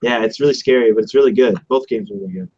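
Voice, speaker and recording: A man's voice: on the low side, very fast, mellow, breathy edge, muffled recording. A man, a tabletop game player, chatting casually and animatedly about video games. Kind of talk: casual post-game chat.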